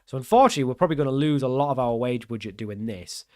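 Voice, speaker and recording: A man's voice: mid-range voice, rapid-fire, no echo, clean studio sound. A young man giving casual gameplay commentary, thinking aloud in a puzzled, self-mocking way as he works through his choices. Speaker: gaming channel host.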